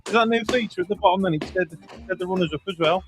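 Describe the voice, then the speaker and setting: A fairly high-pitched man with a Birmingham accent trades quick banter on a live football stream, tossing out jokey nicknames. Faint music plays behind him. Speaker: football phone-in co-host. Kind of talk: casual live-stream chat.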